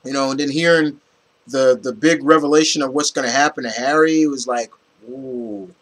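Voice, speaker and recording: A man giving a casual, rambling movie review, animated and full of restarts and fillers. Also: medium pitch, fairly quick, rough recording.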